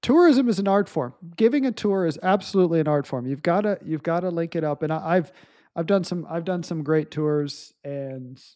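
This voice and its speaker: A man's voice: on the high side, lively intonation, normal speed, darkish tone. A man co-hosting a podcast in casual chat, making wry remarks and often restarting his sentences. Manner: wry and agreeable, many restarts. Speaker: podcast co-host.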